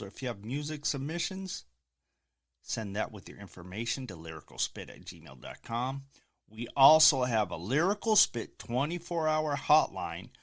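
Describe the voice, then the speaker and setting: A man introduces his podcast with boastful showman flair, rattling through promos and plugs. His voice sits at a middling pitch that swoops up and down with energy. He sounds like a wrestler working the crowd, recording from home. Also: fairly bright tone. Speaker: podcast host and professional wrestler.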